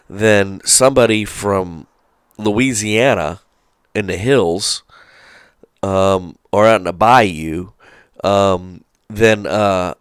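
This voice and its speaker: A man's voice: deep voice, slow, pauses often, clean tone, no echo, studio quality. A man from hosting a trucking channel, talking in a rambling, folksy way with lots of fillers and asides. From Charleston, South Carolina. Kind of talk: casual rambling commentary.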